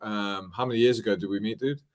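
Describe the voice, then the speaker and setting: A man's voice: fairly low pitch, fairly even intonation, fast. A man with an English accent hosting a podcast, bantering loosely with his guest, swearing freely and saying "mate" and "dude". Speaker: podcast host. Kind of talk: casual chat.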